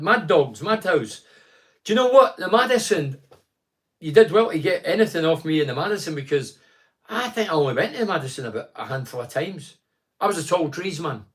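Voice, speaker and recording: Middle-aged Scottish male host, casual live-stream chat with viewers, anecdotal, slightly higher pitch. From Scotland. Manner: chatty, reads out viewer comments and tells anecdotes.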